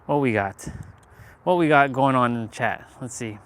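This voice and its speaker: A man live-streaming from an outdoor park, musing in a rambling, unhurried way while he swings. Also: medium pitch, a bit bright. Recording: noisy outdoor recording.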